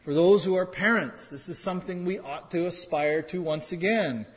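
A man's voice: high-pitched, moderate pace. Guy preaching a sermon, chatty and wry, repeats his point, long echoey church hall sound. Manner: conversational preaching, wry asides, pointed repetition. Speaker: pastor.

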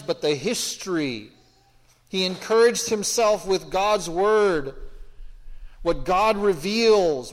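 A man's voice: sits high, big-room sound, poor audio. A man teaching through a psalm verse by verse in a conversational, explanatory way, asking questions of his listeners. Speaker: Bible teacher. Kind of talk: expository Bible teaching.

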